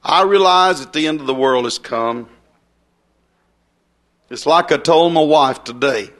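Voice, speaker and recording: A man's voice: fairly high pitch, unhurried, fairly bright tone. A man preaching a fiery, folksy revival sermon.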